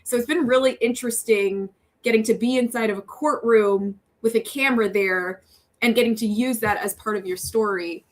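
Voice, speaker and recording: A woman's voice: fairly high pitch, normal speed. A young woman, a TV news reporter, talking earnestly as a podcast guest, chatty, with frequent laughs and fillers. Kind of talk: casual interview talk.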